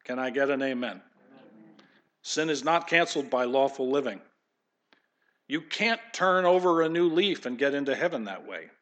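A man's voice: medium pitch, lively intonation, normal speed, long pauses, a bit bright. A man preaching a sermon as pastor, swinging between punchy declarations and casual conversational asides.

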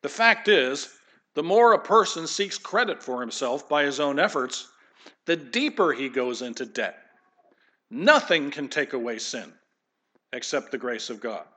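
A man's voice: fairly high pitch, big pitch swings, unhurried, sharp tone. A man preaching a sermon as pastor, swinging between punchy declarations and casual conversational asides.

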